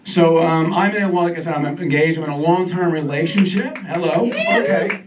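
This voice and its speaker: A man's voice: fairly high pitch, lively intonation, moderate pace, noisy background. A man doing a stand-up comedy set on a club stage, talking in a loose, self-deprecating way. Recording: distant stage mic with crowd. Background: audience laughter.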